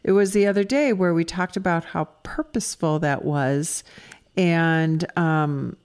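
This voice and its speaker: A woman's voice: lowish voice, a little slow, clean tone. A woman co-hosting a casual podcast, listening closely and then picking up the conversation. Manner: attentive listener, warm affirmations. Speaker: podcast co-host. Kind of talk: casual chat.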